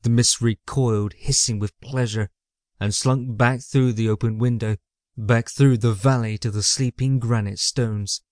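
A man reading a fantasy novel aloud as the audiobook narrator, in a measured storytelling way. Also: mid-range voice, fairly even intonation, darkish tone, no echo. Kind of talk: scripted narration. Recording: dry close mic.

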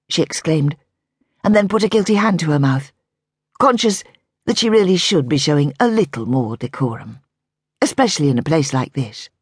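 A woman narrating an audiobook in a measured, expressive storytelling manner on a close studio mic. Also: low-pitched, breathy edge, no echo.

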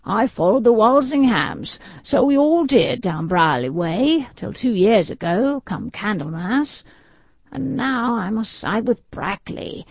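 A woman's voice: fairly high pitch, very animated, takes it slowly, vocal fry, no room sound, voice pushed up, exaggerated voice. A woman doing a blunt, grumbling peasant. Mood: bitter. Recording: dull, dry audiobook recording.

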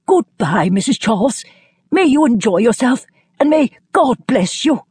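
A woman's voice: on the low side, sing-song, moderate pace, a little mellow, husky, no echo, studio quality, pitched above the performer's own voice, heavily acted. Woman voicing a quivering old country gent. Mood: fond farewell. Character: fussy, earnest older country gentleman.

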